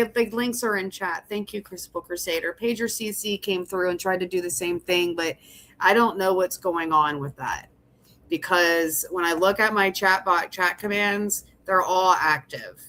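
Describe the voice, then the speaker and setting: A woman's voice: mid-range voice, normal speed, pushed and bright. A young woman hosting a casual livestream, chatting with her viewers, laughing often and swearing as she rambles. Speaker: livestream host.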